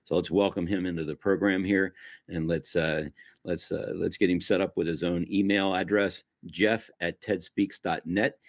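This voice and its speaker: A man's voice: low-pitched, steady tone, normal speed, dry recording, clean studio sound. A man hosting an interview, talking in a folksy, effusive way with a preacherly sign-off. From Italian-American. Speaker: show host. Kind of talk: casual interview wrap-up.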